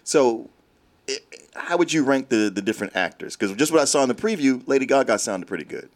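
A man co-hosting a casual movie chat, asking questions and adding opinions in a relaxed way. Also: medium pitch, a little fast. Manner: relaxed, inquisitive, chiming in. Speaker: co-host.

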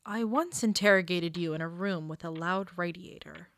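A woman in an audio drama, playing a flat, matter-of-fact detective. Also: on the low side, normal speed, no echo, studio quality. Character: dry-humored detective with a headache.

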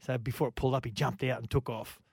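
A man's voice: mid-range voice, steady tone, fast talker, gravelly, darkish tone, husky, dry recording, studio quality. A man with an Australian accent hosting a sports radio show, telling rugby league stories and reading out listener texts. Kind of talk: casual sports radio chat.

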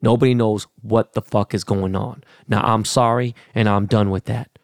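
Gravelly, blunt, profane male podcast host. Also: fairly low pitch, steady tone, moderate pace, no room sound, studio quality. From Los Angeles, California. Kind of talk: casual rant.

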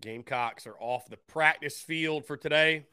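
An upbeat male sports talk host taking calls and reading listener comments. His voice is bright and crisp, and he often repeats a phrase to hammer it home. The sound is dry and close. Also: fairly high pitch, moderate pace, no room sound. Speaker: sports radio show host.

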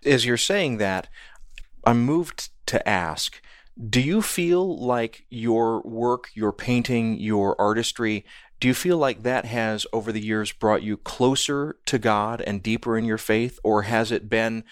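A man hosting an interview, asking thoughtful, measured questions and reflecting back on his guest's answers. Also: mid-range voice, clean tone, no echo, clean studio sound. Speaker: podcast host.

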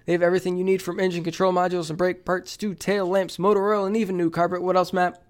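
A man hosting a sports podcast, reading sponsor ads in an energetic, playful way. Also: high voice, fast talker, smooth. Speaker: podcast host. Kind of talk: upbeat ad read and show segues.

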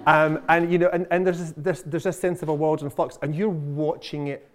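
A man's voice: a little high, little pitch movement, brisk. A man interviewing an author, asking chatty and enthusiastic questions. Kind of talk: conversational interview.

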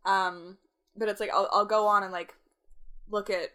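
A woman's voice: medium pitch, fairly even intonation, moderate pace, sharp tone. A young woman in her twenties talks casually as a podcast co-host. Her speech is loose and rambling, full of "like" and easy laughter. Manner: chatty, heavy use of "like", frequent laughs. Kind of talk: casual chat.

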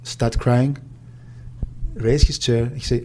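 Hesitant man, soft and mellow. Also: on the low side, steady tone, slight background noise. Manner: halting, with frequent restarts and fillers. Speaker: agent. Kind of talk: recounting memories in an interview.

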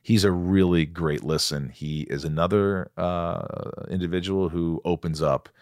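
A man hosting a podcast in a studio, chatting casually and excitably, quick to joke and exclaim. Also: deep voice, dry recording. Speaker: podcast host. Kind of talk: casual chat. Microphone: studio microphone.

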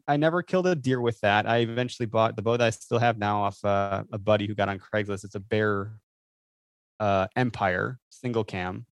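Male guest, lowish voice, rambling and animated, dry close mic. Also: dry recording. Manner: rambling, animated storyteller with lots of fillers. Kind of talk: casual chat.

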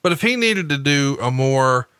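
Man, bright tense voice, dry close sound, profane animated storytelling, casual podcast chat. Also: mid-range voice, normal speed, clear, resonant tone, no room sound.

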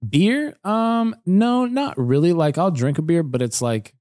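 A man's voice: on the high side, expressive, unhurried, darkish tone, no room sound, studio quality. A young man in casual, slangy podcast chat, laid-back and laughing often. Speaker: podcast co-host.

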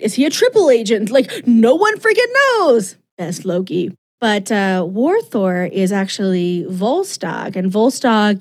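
A female podcast co-host with a mellow, medium-pitched voice chats casually while recapping comics, rambling animatedly and full of asides.

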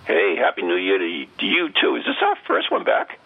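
A man's voice: deep voice, wildly swooping pitch, a little fast, slightly rough. A man hosting a casual podcast chat, talking in a chatty, showman-like way with fillers. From New England, USA. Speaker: host. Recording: dull lo-fi audio.

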